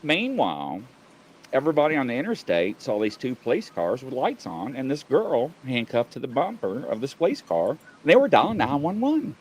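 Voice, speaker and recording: A man, co-hosting a casual video-call show and telling a lively story while acting out the other people in it. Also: medium pitch, normal speed, a little hiss or hum, poor audio. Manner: animated storyteller, acts out voices of others. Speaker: podcast co-host, former police officer.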